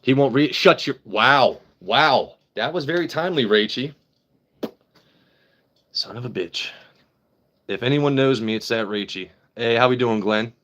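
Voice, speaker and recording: A man with an average-pitched voice hosts a loose livestream and talks straight to his chat. His talk is crude and rambling, full of jokes and casual swearing. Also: a little slow, long pauses, fairly bright tone. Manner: crude, joking, swears freely. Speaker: livestream host.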